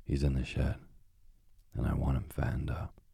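Bossy old witch, mean and greedy, real deep and gravelly, a guy reading her. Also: completely flat delivery, normal speed, dark tone, no echo, studio quality, heavily acted. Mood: scolding. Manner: scolding, bossy.

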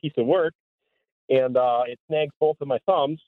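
A man's voice: medium pitch, dry recording. Male caller, hesitant with lots of fillers, tinny phone sound, dry. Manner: halting, with many fillers. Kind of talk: casual storytelling.

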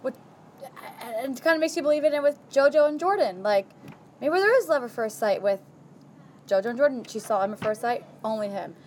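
A woman's voice: fairly high pitch, expressive, brisk, a little mellow, a little hiss or hum. A young woman in casual group chat, making an earnest point and repeating it.

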